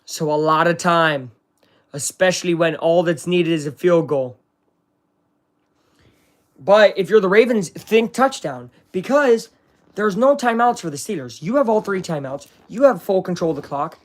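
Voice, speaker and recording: Excitable man calling a live game. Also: sits high, moderate pace. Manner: chatty, reacting excitedly to plays and addressing viewers. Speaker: streamer hosting a live game watch-along. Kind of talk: live play-by-play commentary.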